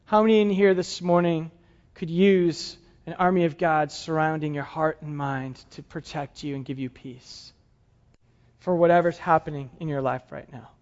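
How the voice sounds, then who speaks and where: A pastor preaching a sermon to his congregation, moving between soft, quiet lines and emphatic, raised passages. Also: fairly high pitch, steady tone, moderate pace, dull audio. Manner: dramatic shifts between soft and emphatic delivery.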